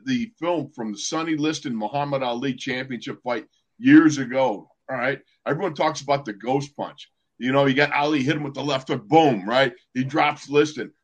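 A man's voice: on the high side, slightly rough. A man, a former football player, telling stories in a casual podcast chat, acting out quoted lines with frequent restarts. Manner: animated storyteller, acts out quoted lines with many restarts.

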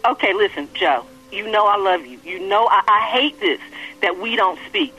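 A woman's voice: mid-range voice, animated, moderate pace, pushed and bright, husky, faint music behind, low-quality recording. A woman speaking on a radio call-in segment, earnestly pleading her case to her sister. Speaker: caller.

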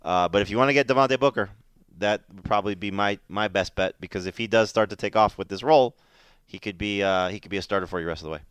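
Low-voiced man, halting sports radio talk. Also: a bit bright, smooth, no room sound. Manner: hesitant, many fillers and restarts. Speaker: fantasy football analyst co-host.

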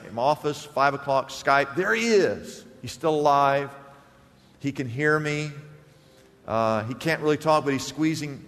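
A male pastor preaching a sermon in a church, telling stories and swinging between loud bursts and hushed, quiet lines. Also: medium pitch, in a large hall. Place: church sanctuary.

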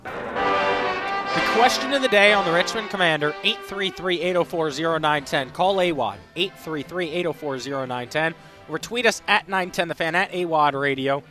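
A man's voice: on the high side, normal speed, sharp tone, soft background music. A man hosting a live sports radio show, upbeat and chatty, reading out phone numbers between talk. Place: radio row at a sports event.

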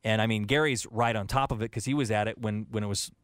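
A man's voice: lowish voice, steady tone, fast talker, a bit bright, clean tone, no room sound, clean studio sound. A man co-hosting a sports radio show, talking casually and rambling with many restarts. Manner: rambling, with frequent restarts and filler.

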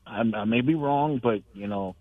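A male caller sharing a personal testimony in a rambling, halting, emotional way over the phone. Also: mid-range voice, no room sound. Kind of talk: call-in testimony. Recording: tinny phone line.

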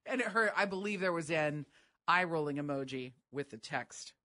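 A woman's voice: low voice, normal speed. A woman co-hosting a radio show, trading casual banter and firmly denying her co-host's teasing. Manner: animated, protesting, teasing denials. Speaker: radio co-host.

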